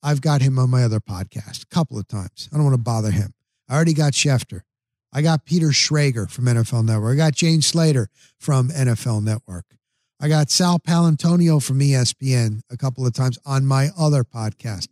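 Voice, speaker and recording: A man hosting a podcast, telling rambling stories in casual chat and acting out what others said with sudden high-pitched voices. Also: lively intonation, fairly quick, a little mellow, dry recording, clean studio sound. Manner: rambling storyteller, acts out quotes with big pitch jumps. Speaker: podcast host. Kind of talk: casual monologue.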